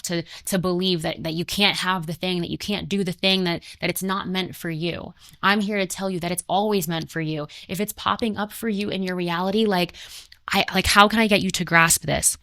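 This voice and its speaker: A woman's voice: fairly low pitch, fairly quick, a bit bright, no room sound. Earnest woman in her twenties, dry sound. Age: 20s. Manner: emphatic and repetitive, earnest, conversational. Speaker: spiritual motivational speaker. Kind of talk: spiritual motivational talk.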